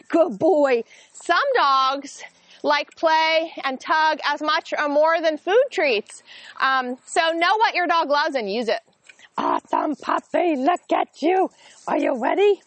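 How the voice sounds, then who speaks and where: A woman dog trainer walks through a training demonstration with a high, bright-pitched voice. Her tone is friendly and explanatory. The sound is close and dry. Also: dry recording. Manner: friendly, explanatory, breaks into bursts of high, excited praise.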